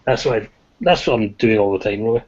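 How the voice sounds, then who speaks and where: A man's voice: on the low side, lively intonation, fast. A man in a casual online discussion, speaking in a reflective, understated way. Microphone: video call. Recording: dull lo-fi call audio.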